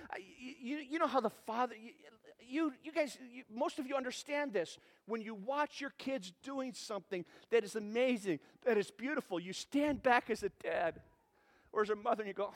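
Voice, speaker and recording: A man preaching a sermon as a pastor, animated and conversational, asking the congregation rhetorical questions. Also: very high voice, moderate pace. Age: adult parent.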